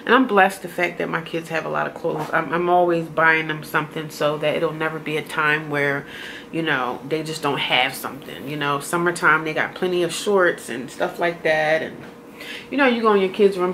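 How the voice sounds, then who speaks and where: Emotional, rambling woman, lowish voice. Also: fairly bright tone, slight background noise. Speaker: vlogger. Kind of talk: casual talk to camera.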